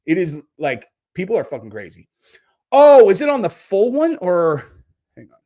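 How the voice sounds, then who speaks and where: Man, livestream host, casual chat, rambling, swears a lot, a bit higher voice. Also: normal speed. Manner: profane, rambling and excitable, with many restarts.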